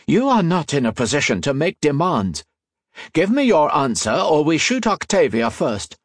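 A man voicing a cold, imperious female villain in an audiobook, menacing and smoothly persuasive. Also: fairly high pitch, big pitch swings, moderate pace, dry recording, studio quality, voice pushed up. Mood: demanding. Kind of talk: audiobook character voice.

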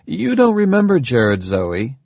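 Cool sardonic dad-scientist guy, husky, bouncy pitch, kinda muffled, narrator doing the voice. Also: huge pitch swings, unhurried, darkish tone, dry recording, full character voice. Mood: gentle, explaining. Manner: dry, smooth, faintly mocking. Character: calm sardonic father and scientist man.

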